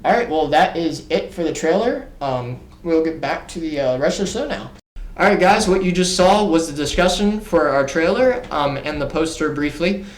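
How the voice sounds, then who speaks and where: A man's voice: on the high side, lively intonation, normal speed. A man co-hosting a fan podcast, casually recapping details with frequent ums. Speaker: podcast co-host. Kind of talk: casual chat. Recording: roomy echo.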